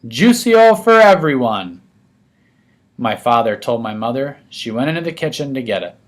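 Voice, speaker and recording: A man giving a first-person narration of a children's story aloud, told from a young boy's point of view. His delivery stays steady and scripted throughout. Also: mid-range voice, brisk. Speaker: audiobook reader.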